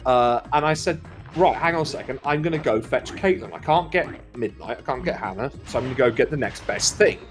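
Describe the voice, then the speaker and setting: A man's voice: medium pitch, brisk, over music. A Welsh man in casual chat, telling long rambling stories with plenty of swearing and laughter. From Wales. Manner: rambling storyteller, swears freely, lively laughter. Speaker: co-commentator.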